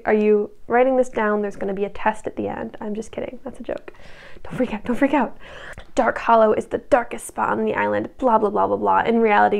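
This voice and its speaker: A young woman recapping a TV show in a casual, chatty way, sliding into sarcastic asides to the viewer. Her voice sits fairly high and has a noticeable creak, and she sometimes drops to a soft half-whisper. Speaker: recap video host.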